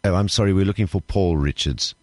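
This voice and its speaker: Deadpan male prank caller, very low voice, dry studio sound, officious and polite. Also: brisk, no room sound. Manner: formal, hesitant, politely officious. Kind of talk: deadpan prank phone call.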